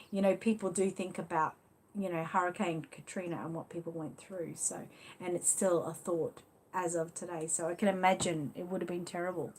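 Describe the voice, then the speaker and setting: An Australian woman hosting a casual live stream. She talks in a loose, chatty way, answering viewers as she goes. Her phrasing is full of easy fillers and friendly asides. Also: on the low side. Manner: chatty, leans on "you know" fillers. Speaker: livestream host. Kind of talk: casual live chat reading viewer comments.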